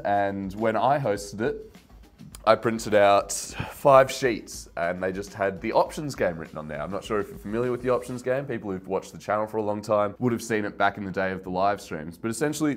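Worked-up young man ranting. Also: lowish voice. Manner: rambling, self-mocking, gets worked up. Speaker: wine channel host. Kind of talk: casual rant to camera.

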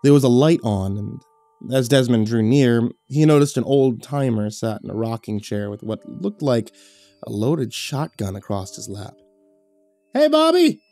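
A man reading a horror story aloud in steady, dramatic scripted narration. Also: mid-range voice, unhurried, soft background music.

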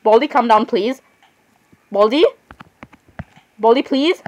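A woman's voice: a little high, lively intonation, normal speed, poor audio. Chatty, giggly woman gaming. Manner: chatty, apologizes a lot, giggles, talks to game characters. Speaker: gamer playing a horror game. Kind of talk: casual let's-play commentary.

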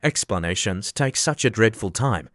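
In a dry, clean studio recording, a man with a fairly low, slightly bright voice speaks at a moderate pace with lively intonation. He's voicing an impatient, bossy male griffin in a storybook reading, delivering the lines in a solemn, matter-of-fact way.

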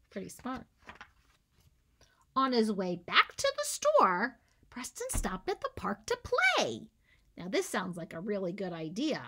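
A woman teacher with a husky, mid-range voice reads a picture book aloud to children. She is animated, coaxes them to join in, and drops into whispers to build suspense.

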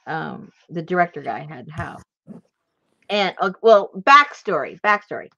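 A woman with a lower voice swings her pitch widely as she tells a rambling story, laughing along the way. The recording is dry and a little dull. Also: measured pace, creaky, no echo. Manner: rambling, animated, laughs while telling stories. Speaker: crafter and channel host. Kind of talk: casual storytelling chat.

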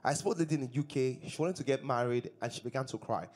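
A man's voice: mid-range voice, very fast, a little mellow. A man preaching a sermon as pastor, repeating his points and asking the congregation questions. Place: church service.

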